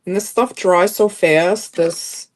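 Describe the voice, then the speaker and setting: A woman's voice: lowish voice, fairly even intonation, takes it slowly, a little mellow. A woman guest chatting casually about her craft project, rambling with lots of "like" and "I mean". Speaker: livestream guest. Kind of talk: casual chat while crafting.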